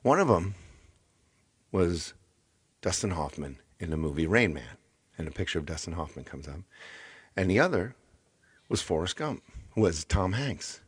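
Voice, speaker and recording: A deep, low-pitched middle-aged man hosts a casual livestream. He chats along with viewers, trips over his words and restarts often, and wags a mock-stern finger at anyone who yells out requests. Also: sing-song, normal speed, long pauses, slightly rough. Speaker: livestream host and singer.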